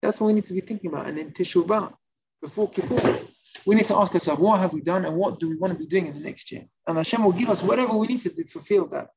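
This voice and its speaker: A male rabbi giving an informal Torah class, telling stories and acting out the shouting characters. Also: high-pitched, fast talker. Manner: animated storytelling, acts out shouting characters. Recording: slightly muffled recording with faint noise.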